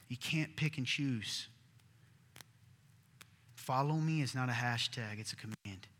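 Bright-voiced male pastor in an echoing hall. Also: mid-range voice. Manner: earnest, conversational preaching that swings from loud to hushed. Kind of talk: sermon. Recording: long reverb of a large hall.

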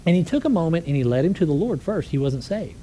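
A man preaching a conversational sermon, telling stories with lively energy and asking the congregation rhetorical questions. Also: a little high, fast, a little hiss or hum.

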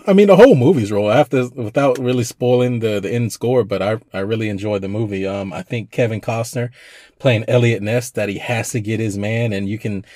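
A man co-hosting a podcast, chatting casually about movies in a rambling way and now and then acting out scenes in quick put-on voices. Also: fairly low pitch, darkish tone, dry recording, clean studio sound. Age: young adult to middle-aged, a parent. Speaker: podcast co-host. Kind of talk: casual film review chat.

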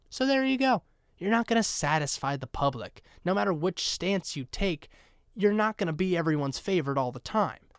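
A young man hosting a solo podcast, talking in a playful, sarcastic and animated way. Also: on the high side, clean tone, no room sound, clean studio sound. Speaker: podcast host.

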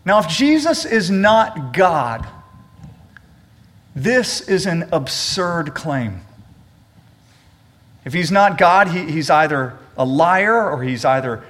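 A male pastor with a voice pitched a little above the usual delivers an earnest sermon. He speaks straight to his congregation, stressing points by repeating his words. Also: expressive, takes it slowly, pauses often, fairly bright tone. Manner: addresses the congregation directly. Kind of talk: sermon with scripture reading and prayer. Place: church service.

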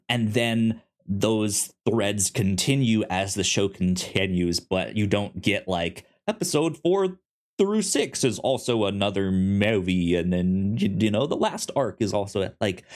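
Lively low-voiced man stammering in chat. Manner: animated, stammers on word starts; acts out quotes in a high voice. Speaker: podcast co-host. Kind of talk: casual chat.

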